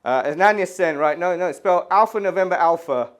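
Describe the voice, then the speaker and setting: A man's voice: sits high, fast, close to an everyday voice. A comedian playing a clipped policeman. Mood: businesslike. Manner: clipped, businesslike, reading out spellings. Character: brisk English policeman radioing in. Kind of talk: stand-up impression.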